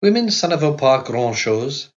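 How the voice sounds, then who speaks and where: A man's voice: a little high, sing-song, normal speed, highs cut off, pitched above the performer's own voice. A man reading an audiobook aloud, voicing a self-important older woman who speaks in emphatic exclamations. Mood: exultant.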